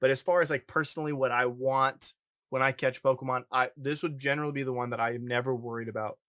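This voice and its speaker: A man's voice: mid-range voice, steady tone, quick pace, fairly bright tone, no echo, clean studio sound. A man co-hosting a podcast in casual chat, joking and rambling through his thoughts. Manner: jokey, rambling. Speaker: podcast co-host.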